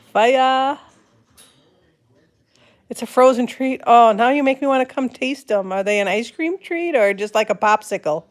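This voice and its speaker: A woman's voice: sits high, lively intonation, measured pace, pauses often. A woman hosting a casual livestream, reading out viewer comments and repeating words back in a playful, questioning way. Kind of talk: casual live-stream chat.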